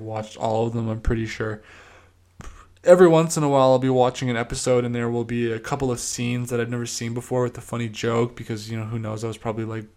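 Young male podcast host, easygoing solo monologue, rambling with filler words. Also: medium pitch.

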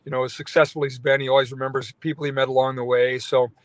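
A man's voice: mid-range voice, level tone, rapid-fire, no room sound. Rambling man telling a story, dry sound. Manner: rambling, many fillers and restarts. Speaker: radio talk show host. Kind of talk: phone-in interview storytelling.

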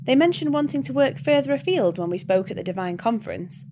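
A woman's voice: a little high, animated, voice pushed up, natural voice. Aziraphale, a woman doing a fussy, fretful angel. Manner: polite, hurried and fretful. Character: fussy anxious male angel, polite and prim. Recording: background hiss.

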